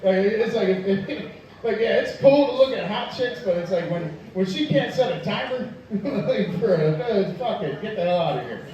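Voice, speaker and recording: A man's voice: sits high, expressive, normal speed, dull audio, a crowd in the background. A young man doing a crude, profane stand-up set in a tavern, laughing at his own jokes. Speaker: stand-up comedian. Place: tavern stage. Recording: echoey room, far from the mic.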